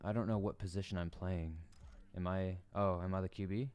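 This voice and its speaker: Laid-back male game streamer from the Southern US; low, smooth voice, joking commentary. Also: fairly even intonation, brisk, a little mellow. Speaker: gaming streamer. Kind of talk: casual gaming commentary.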